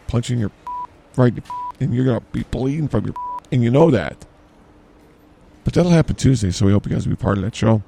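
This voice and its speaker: A man co-hosting an improvised comedy podcast in a grocery store, rambling deadpan and trailing off mid-sentence. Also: medium pitch, fairly quick, vocal fry, long pauses, slight background noise. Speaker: podcast co-host.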